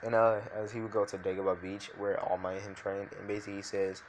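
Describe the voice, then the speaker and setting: Low-voiced man rambling through a story. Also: level tone, fast talker, background noise. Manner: rambling, filler-heavy, frequent restarts. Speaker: fan fiction storyteller. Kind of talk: improvised story narration.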